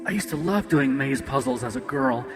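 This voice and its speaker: A man's voice: expressive, moderate pace, lightly acted. A man voicing a playful, adventurous young woman. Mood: pleading. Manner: coaxing, high and bright. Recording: echoey with guitar music.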